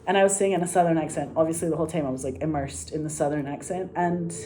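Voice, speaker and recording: A woman's voice: low voice, fairly even intonation, quick pace, warm tone, slight background noise. An actress telling a rambling, profane story about a film shoot, laughing often as she talks. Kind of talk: casual anecdote.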